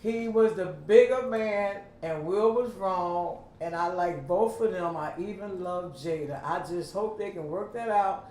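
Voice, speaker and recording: A woman's voice: fairly low pitch, unhurried, hardly any pauses, warm tone, slight background noise. An older woman co-hosting a casual chat, earnest and opinionated. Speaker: podcast co-host. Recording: roomy echo.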